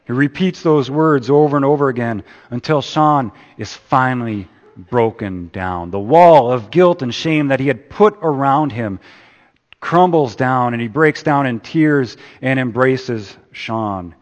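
A man preaching a sermon. He swings from loud emphasis down to hushed, repeated words. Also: medium pitch, expressive, measured pace, lo-fi sound. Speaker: pastor. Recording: long hall reverb.

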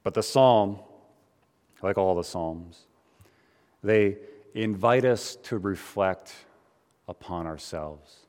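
A pastor giving a conversational sermon, with frequent fillers and restarts. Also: male voice, low voice, slow, long pauses, a little mellow, in a large hall.

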